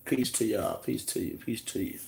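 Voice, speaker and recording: A man's voice: lowish voice, moderate pace, vocal fry, darkish tone, slight background noise. A man from the United States hosting a live stream, greeting viewers and answering their questions in a loose, slangy, conversational way. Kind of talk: casual live-stream chat and teaching.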